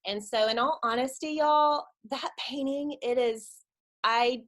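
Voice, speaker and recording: A woman in her thirties tells a personal faith story to a church audience. Her voice is bright and clear, and she is relaxed and conversational. She laughs easily between her thoughts. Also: high-pitched, unhurried. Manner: chatty storyteller, laughs often. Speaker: church webinar speaker. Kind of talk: personal testimony talk.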